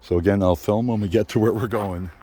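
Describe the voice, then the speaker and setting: A man's voice: lowish voice, fairly even intonation, brisk, mellow, a little hiss or hum. Breathless older man on a walk. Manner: chatty, panting between phrases, apologetic, laughs often. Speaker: vlogger. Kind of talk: casual walking vlog. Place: outdoor park trail by a lake.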